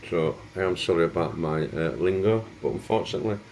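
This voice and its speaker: Low-voiced broad Yorkshire man. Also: fast talker, darkish tone, a little hiss or hum. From England. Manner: chatty and easygoing, with plain everyday phrasing. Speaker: host. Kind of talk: casual vlog talk. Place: room with 3D printers running.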